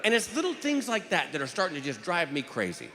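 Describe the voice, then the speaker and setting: A man's voice: on the high side, huge pitch swings, fast talker, very noisy. A middle-aged man doing a stand-up comedy routine, telling a folksy story and acting out the courtroom voices. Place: large theater stage with live audience. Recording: live hall recording with audience. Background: audience laughter.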